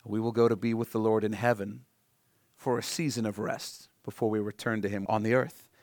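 Animated preacher man, dry close sound. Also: fairly low pitch, brisk, no room sound. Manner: animated, swings from loud emphasis to hushed pleading. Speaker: pastor. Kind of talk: sermon.

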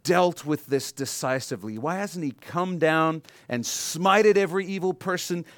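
Guy preaching a sermon, kinda high voice, acts out the quotes, dry sound. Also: moderate pace, dry recording. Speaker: pastor. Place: church sanctuary.

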